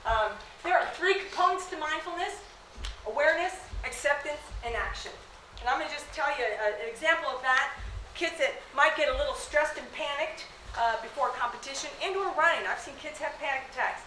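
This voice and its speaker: A woman working as a high school athletic trainer, talking casually to students, often asking "okay?" and laughing. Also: lively intonation, brisk, sharp tone, slight background noise. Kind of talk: classroom talk to students. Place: school room. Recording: echoey room.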